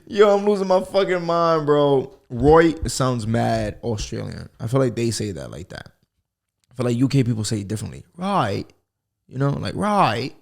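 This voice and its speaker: A man's voice: mid-range voice, sing-song, moderate pace, vocal fry, long pauses, darkish tone. A young man hosting a solo comedy podcast, rambling and profane and laughing at himself. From United States. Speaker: podcast host. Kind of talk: casual solo podcast monologue.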